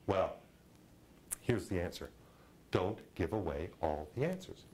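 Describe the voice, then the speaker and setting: Animated man lecturing on film directing. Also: low voice, measured pace, rough recording. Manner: animated, acts out audience reactions in a raised voice; conversational, frequent "you know" and "okay". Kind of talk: lively classroom lecture.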